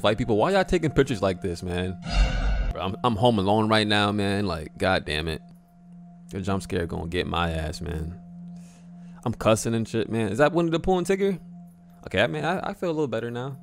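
Lively, jumpy young man reacting. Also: on the low side, fairly quick, soft background music. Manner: excitable, nervous, swears freely. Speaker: host. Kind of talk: casual reaction commentary. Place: at home.

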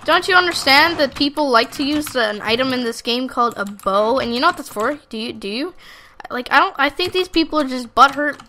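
Woman, bright tense voice, fairly high, excitable gameplay chatter, faint keyboard clicks. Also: a little fast, a little hiss or hum. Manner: rambling, excitable, talks to the audience and at opponents. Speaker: gaming YouTuber. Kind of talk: live gameplay commentary.

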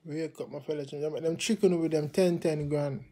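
Impassioned Jamaican man, dark voice. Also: a little high, fairly even intonation, fairly quick. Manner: impassioned, repetitive, patois-heavy. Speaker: channel host. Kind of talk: casual political rant to camera.

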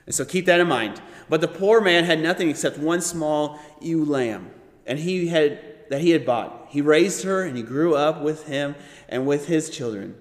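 A man leading a Bible study, teaching with animated delivery and often checking in with "right?". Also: a little high, moderate pace, in a large hall. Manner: animated, acts out quoted voices, frequent "right?".

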